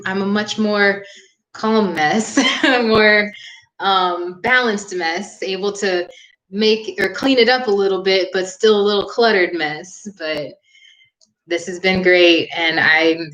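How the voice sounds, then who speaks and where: A young woman yoga instructor wrapping up a live-streamed class, talking in a warm, earnest and chatty way with frequent "um" fillers. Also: medium pitch. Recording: echoey room.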